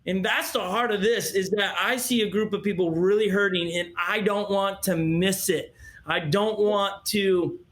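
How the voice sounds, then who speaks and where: A man with a notably high voice hosts a heartfelt interview. He talks earnestly and tells stories, often restarting his sentences as he searches for the right words. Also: steady tone, measured pace, fairly bright tone. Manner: earnest storyteller, stumbles and restarts as he feels his way. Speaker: interview host.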